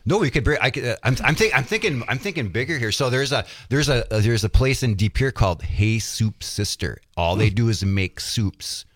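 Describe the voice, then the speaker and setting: A man chiming in as a radio show's producer, eager and rambling, with halting restarts. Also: mid-range voice, animated, fairly bright tone, no echo. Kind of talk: casual radio banter.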